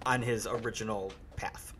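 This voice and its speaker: A man narrating a tabletop horror game as game master, in a measured, unhurried way. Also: on the low side, steady tone, a bit bright, a little hiss or hum.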